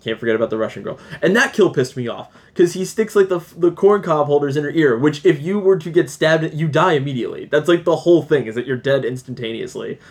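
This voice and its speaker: A man's voice: a little high, animated. Blunt, swearing man reviewing a movie. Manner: profane, blunt, quick to laugh. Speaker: podcast co-host. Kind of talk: casual movie review chat.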